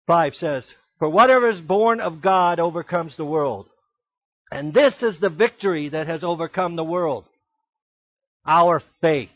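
A man preaching a sermon as pastor, emphatic, with rhetorical questions and sudden loud exclamations. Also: high-pitched, dry recording, lo-fi sound.

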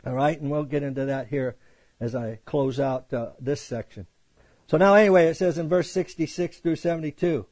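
Man, high-pitched voice, pastor teaching the Bible, emphatic, conversational, dry close recording. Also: normal speed, breathy edge, no echo. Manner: emphatic, conversational, animated quoting of scripture.

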